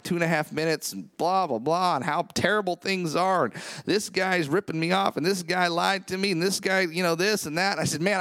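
A man preaching a sermon full of personal stories, animated and rising in pitch as he tells them. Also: no echo. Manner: animated storytelling, rising pitch when excited.

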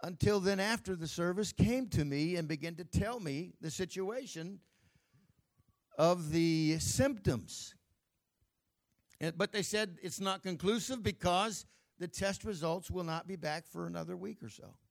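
Male pastor, high pitch, emphatic storytelling sermon. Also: a little slow, creaky.

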